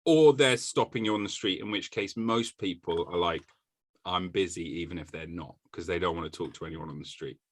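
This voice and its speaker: A man hosting a casual podcast chat, joking and sarcastic, with sudden jumps in pitch. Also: brisk, few pauses, dry recording. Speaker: podcast host.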